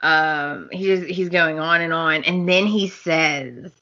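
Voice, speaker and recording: A woman's voice: deep voice, takes it slowly, highs cut off. A woman co-hosting a podcast, chatting casually as she recaps soap opera episodes and acts out the characters' lines with laughs. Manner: animated storyteller, acts out scene quotes with laughs. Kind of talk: casual chat.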